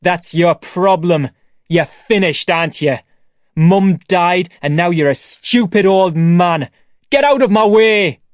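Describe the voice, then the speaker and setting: A reader voicing an angry, defiant young man who shouts at his father in a graded-reader audiobook. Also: mid-range voice, moderate pace, hardly any pauses, no echo, clean studio sound, pitched above the performer's own voice, close to an everyday voice. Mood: furious.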